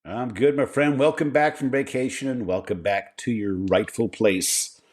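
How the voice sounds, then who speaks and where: A man's voice: medium pitch, normal speed. A man co-hosting a podcast, joking and laughing along in casual chat. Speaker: podcast co-host.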